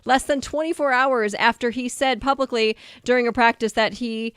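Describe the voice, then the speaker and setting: A woman's voice: on the high side, fairly even intonation, normal speed, a bit bright, smooth, dry recording, studio quality. Casual female radio news reader. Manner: conversational, loose reading with fillers. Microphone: studio microphone.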